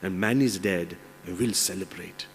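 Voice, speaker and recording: A man's voice: low voice, normal speed, gravelly, slight background noise, pitched below the performer's own voice. A man playing a coaxing, cunning lion. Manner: coaxing, persuasive. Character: cunning, tempting male lion. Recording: long reverb in large hall.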